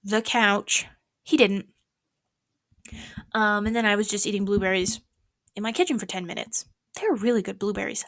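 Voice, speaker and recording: A woman's voice: medium pitch, moderate pace, long pauses, no echo. Young woman rambling thru her day on a vlog, drops to whispers sometimes, super dry room sound. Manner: rambling, animated, swings into whispers. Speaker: vlogger. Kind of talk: casual vlog chat. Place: small apartment at night.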